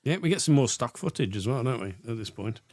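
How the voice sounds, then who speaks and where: A man's voice: medium pitch, animated, quick pace, a little mellow, dry recording. Laughing man chatting about films. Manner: laughs often, acts out film lines in silly voices. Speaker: podcast co-host. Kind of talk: casual comedic film chat.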